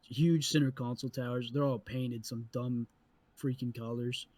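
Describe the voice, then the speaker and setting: A man co-hosting a podcast, telling a story in an animated, profane way and acting out the people in it. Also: medium pitch, moderate pace, dry recording. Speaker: podcast co-host. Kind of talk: casual storytelling chat.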